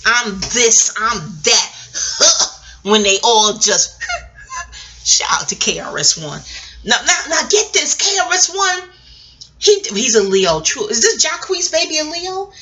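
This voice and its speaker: A woman's voice: high voice, very animated, a little slow, sharp tone. A middle-aged woman vlogging in a casual, rambling way, digressing, laughing often and swearing freely.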